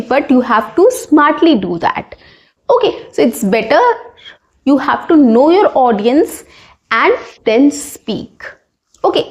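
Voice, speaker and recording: Brief: woman English tutor, high voice, patient explainer who keeps checking in. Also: a little mellow. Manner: explanatory, repeats points with "okay" and "right". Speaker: English speaking teacher. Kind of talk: spoken English lesson.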